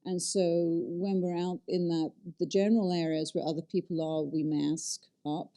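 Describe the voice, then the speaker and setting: A woman speaking casually in an interview about theater work, with a mellow, darker tone. She talks in a chatty, animated way, circling back with fillers and restarts. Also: on the low side, moderate pace. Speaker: director and acting teacher.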